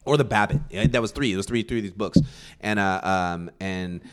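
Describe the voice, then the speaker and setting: A man's voice: fairly low pitch, a little fast, a bit bright, smooth. A young man from California chatting casually, rambling and swearing, with lots of fillers and restarts. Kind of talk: casual chat.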